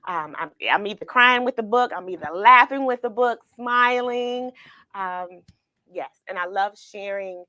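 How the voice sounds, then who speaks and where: A woman's voice: medium pitch, measured pace, bright, forceful tone, no echo. A woman hosting a children's read-along livestream, talking tenderly and emotionally to viewers she calls friends. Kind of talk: casual livestream chat after reading.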